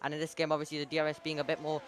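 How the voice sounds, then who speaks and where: A man giving race analysis as co-commentator on a sim racing broadcast, talking quickly and using lots of filler words. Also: a little high, completely flat delivery, slight background noise. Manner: rapid, filler-heavy analysis.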